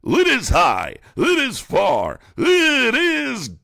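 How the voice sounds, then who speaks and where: A man's voice: extremely high pitch, wildly swooping pitch, very slow, vocal fry, pushed and bright, no room sound, clean studio sound, voice pushed up, exaggerated voice. A man putting on the voice of a gloating baseball play-by-play announcer, stretching out his home-run calls.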